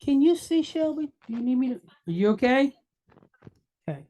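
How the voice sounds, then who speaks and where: Give me a patient male teacher slowly sounding out words for a class. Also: very high voice, big pitch swings, warm tone. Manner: patient, checks in often with "right?" and "okay?". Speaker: Hebrew teacher. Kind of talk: classroom lesson.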